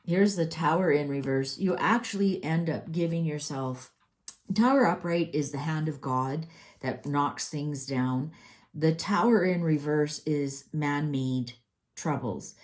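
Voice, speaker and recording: A woman's voice: sits low, a little slow. A middle-aged woman doing a tarot reading, ranting in a heated, exasperated way with many restarts. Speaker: tarot reader.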